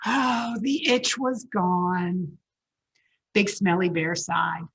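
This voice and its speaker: A woman's voice: on the low side, extremely slow, a little hiss or hum. A woman librarian reading a picture book aloud at a children's story time, asking the kids questions as she goes. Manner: animated, asks the children questions.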